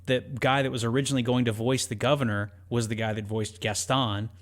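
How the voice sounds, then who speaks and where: A man in his thirties co-hosts a relaxed podcast. He talks at a middle pitch, rambles through his stories and acts out quotes in silly voices. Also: a little fast. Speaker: podcast co-host. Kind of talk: casual chat.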